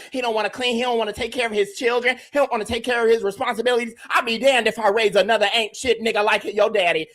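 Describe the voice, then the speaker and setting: A man putting on a short-tempered mother barking rapid-fire orders and cussing her son out. Her delivery is loud and relentless. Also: extremely high pitch. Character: stern scolding mother, middle-aged woman, short-tempered.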